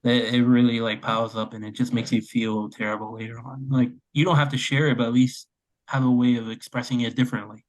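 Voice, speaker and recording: A man's voice: mid-range voice, little pitch movement, brisk, poor audio. A young man in his twenties co-hosting a casual podcast, speaking earnestly with many fillers. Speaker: podcast co-host.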